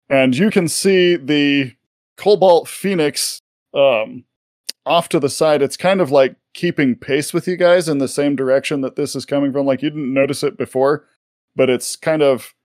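A man's voice: mid-range voice, darkish tone, dry recording, studio quality. A man narrating a tabletop game as game master, rambling with many fillers.

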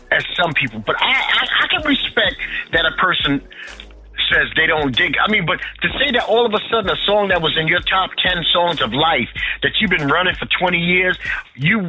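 A high, very lively man from Harlem holds forth in a loose, profane chat, tripping over restarts as he pushes his opinions. His voice is sharp and bright, with faint music playing behind him. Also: poor audio. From Harlem, New York. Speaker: podcast co-host. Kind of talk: casual chat.

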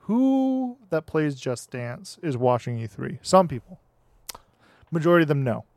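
A man's voice: a little high, very animated, measured pace, darkish tone, no echo. A man co-hosting a casual podcast who rambles, swears freely and gets distracted. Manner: rambling, profane, easily distracted. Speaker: podcast co-host.

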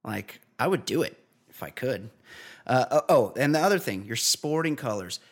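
Joking his way through a relaxed podcast, a New Zealand host reads listener questions like a mock-formal announcer. His voice is mid-range and animated, delivered at a moderate pace.

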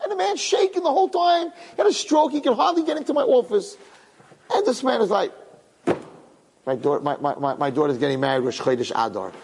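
A man's voice: high voice, darkish tone, a little hiss or hum. A man telling an inspirational story to an audience, emotional and repeating words for emphasis. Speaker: religious speaker. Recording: long hall reverb.

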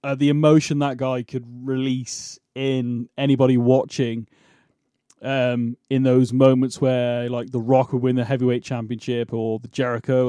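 A man co-hosts a casual wrestling podcast, rambling, restarting, and laughing a lot as he talks. His mid-range voice is warm and clean, recorded with clean studio sound and no echo.

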